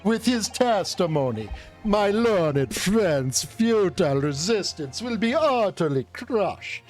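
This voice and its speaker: A man's voice: high voice, very animated, slow, faint music behind, exaggerated voice. Man reading a haughty condescending prosecutor. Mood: scornful. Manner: condescending and formal. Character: haughty, cutting male prosecutor.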